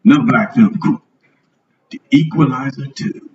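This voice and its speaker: A man hosting a live podcast on a club stage, joking loudly and swearing a lot. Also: medium pitch, normal speed. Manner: loud, profane, joking. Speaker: podcast host. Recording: roomy lo-fi live venue recording from a distance.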